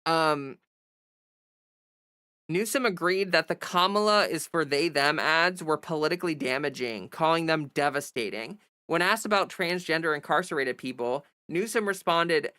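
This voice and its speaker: Reading news text on her livestream, this young host keeps interrupting herself with exasperated sarcasm. She speaks at a moderate pace in a low, slightly bright voice, captured in clean studio sound without echo.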